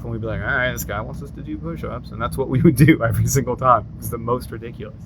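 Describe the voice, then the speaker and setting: Animated male storyteller over background noise. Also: medium pitch, quick pace, hardly any pauses. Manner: animated storyteller who acts out other people's lines. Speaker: podcast co-host. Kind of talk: casual chat, storytelling.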